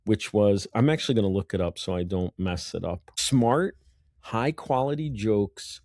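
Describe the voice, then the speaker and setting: A man's voice: on the low side, expressive, normal speed, a little mellow, no room sound. A man co-hosting a therapists' podcast, talking in a blunt, rambling, self-deprecating way. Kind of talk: casual chat.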